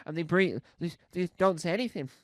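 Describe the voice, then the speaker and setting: A man's voice: high-pitched, fairly quick, no room sound. A man doing rambling, playful stand-up comedy, repeating words for laughs.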